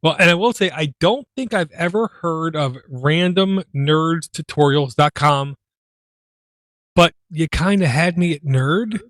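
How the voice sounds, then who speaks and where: A man's voice: on the high side, a little slow, a bit bright, no room sound. A man hosting a casual tech podcast, talking in a rambling, self-deprecating way. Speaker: podcast host.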